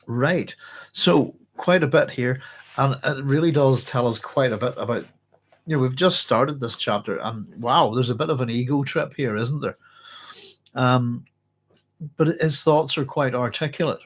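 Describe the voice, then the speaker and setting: Hoarse man, book club host, rambling casual chat, reads passages aloud. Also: mid-range voice, measured pace. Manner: chatty, rambling, self-correcting. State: hoarse, clearing his throat.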